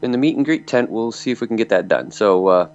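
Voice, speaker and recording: A man's voice: on the low side, expressive, quick pace, a little mellow. A man in his fifties from Michigan, a metal singer telling rambling anecdotes full of fillers in an interview. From Michigan, USA. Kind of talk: storytelling interview. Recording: dull lo-fi audio.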